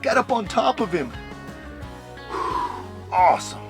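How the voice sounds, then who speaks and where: A man hosting a hunting show, giving excited outdoor commentary in the field, at times dropping to a hushed voice. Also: high voice, slow, music in the background.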